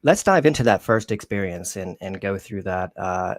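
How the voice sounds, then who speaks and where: A man's voice: low voice, animated, normal speed, dry recording. A man hosting a podcast interview, asking long, rambling questions with frequent restarts. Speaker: podcast host.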